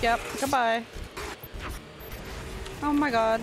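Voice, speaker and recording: A woman streamer giving live gameplay commentary, excitable, yelping and talking to herself as she plays. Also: fairly high pitch, normal speed. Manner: excitable, yelps and talks to herself while playing. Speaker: game streamer. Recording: steady background noise.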